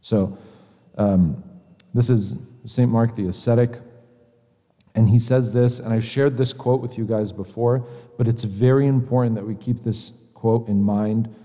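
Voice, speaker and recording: Mellow-voiced man teaching in a reverberant hall. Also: mid-range voice, steady tone. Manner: earnest, hesitant with frequent pauses. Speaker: church teacher. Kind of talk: conversational religious lecture.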